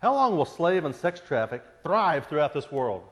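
A man delivers a sermon with earnest, pleading force, his voice sitting slightly high. The sound carries the long, ringing reverb of a large hall. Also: sing-song, moderate pace, fairly bright tone. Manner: earnest, rising to pleading intensity on repeated questions. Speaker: preacher.

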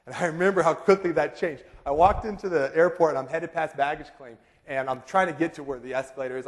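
A man in his thirties preaching a sermon, telling a lively story and acting out quotes in high voices. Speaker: pastor. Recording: long reverb of a large hall.

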